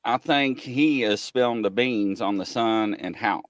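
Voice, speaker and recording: A man's voice: mid-range voice, unhurried, no echo. A man hosting a casual live-stream chat, jokey and chatty as he greets viewers by name. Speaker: host.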